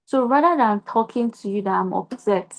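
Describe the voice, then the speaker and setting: A woman's voice: fairly high pitch, expressive, normal speed. Nigerian woman giving earnest advice. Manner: earnest, explains with rhetorical questions. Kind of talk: casual conversation, giving advice.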